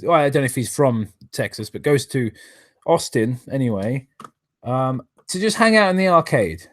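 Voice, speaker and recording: A man hosting a live reading stream, sarcastic and fed up, his commentary laced with swearing. His voice sits at an ordinary middle pitch and sounds dry and close, with no room around it. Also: big pitch swings, moderate pace, dry recording. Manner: thanks viewers for donations between remarks.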